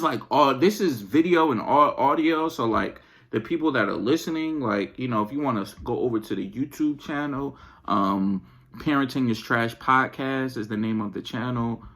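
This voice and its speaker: A parent hosting a podcast, venting comically in casual slang, who swings from low mumbling to loud outbursts. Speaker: podcast host; parent of young children and an eleven-year-old. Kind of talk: comedic venting monologue.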